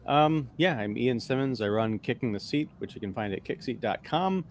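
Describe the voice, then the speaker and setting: A man guesting on a casual live-stream chat, wry and joking with quick asides. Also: medium pitch, animated, a little hiss or hum. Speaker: guest film critic.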